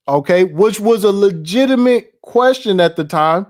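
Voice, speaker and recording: Male political commentary host, casual and profane, quick to laugh, a touch high-pitched. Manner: loose, profane, laughing, reacting to on-screen ads.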